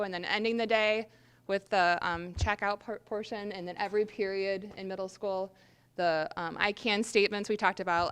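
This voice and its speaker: A woman teacher presenting her group's plan to a workshop, earnest with frequent pauses. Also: mid-range voice, a bit bright, smooth.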